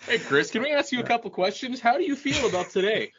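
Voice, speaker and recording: A man voicing an eager male news reporter who interviews a kid, in a bright, high mock-interviewer voice. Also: animated, quick pace, dull audio, slight background noise.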